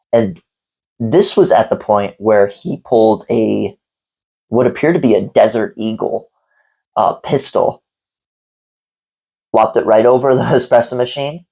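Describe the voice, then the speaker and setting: A male coffee vlogger recounting a story in a casual, rambling way. His voice is gravelly, and his delivery is blunt and profane. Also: fairly low pitch, a little slow, long pauses, mellow, low-quality recording.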